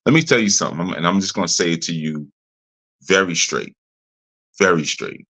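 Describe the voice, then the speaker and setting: A man's voice: sits low, animated, fairly quick, fairly bright tone. A middle-aged man teaching a ministry audience in a direct, conversational way, repeating his points for emphasis. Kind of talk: informal teaching talk.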